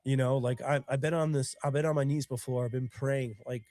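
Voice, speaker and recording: A man with bronchitis sniffles as he hosts his own live stream, chatting casually. His medium-pitched, dark voice stays steady and brisk with hardly any pauses as he tells stories earnestly and emotionally, rambling a lot.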